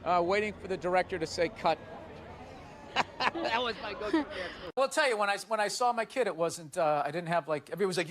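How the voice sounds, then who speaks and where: A man recounting anecdotes in a loose, laughing interview, his voice pitched very high. Background noise sits clearly under him. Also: animated, fast, long pauses. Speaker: comedian interviewee. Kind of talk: casual interview.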